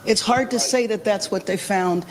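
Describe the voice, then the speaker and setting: A woman in a played news clip, speaking in a slow, measured public statement. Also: medium pitch, slight background noise, poor audio.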